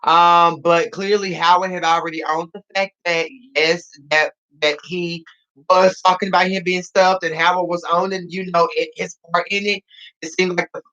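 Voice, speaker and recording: A man's voice: sits high, flat delivery, moderate pace, pushed and bright, dull audio. A man reviewing a reality show he is part of, in casual podcast talk, sassy and dramatic, repeating phrases for emphasis. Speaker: reality TV cast member reviewing his show.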